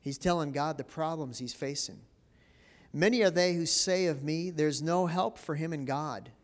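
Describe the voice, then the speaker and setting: A man whose voice sits on the high side preaches at a moderate pace. The pastor keeps it conversational, often asking the congregation questions and echoing words as he goes.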